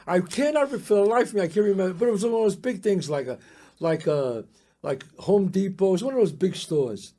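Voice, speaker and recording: An older man from the Bronx, telling a story as a podcast guest in a lively, profane way, acting out the other people's voices. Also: sits high, a little fast. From the Bronx, New York. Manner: animated, profane, acts out the voices in his story. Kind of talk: casual storytelling.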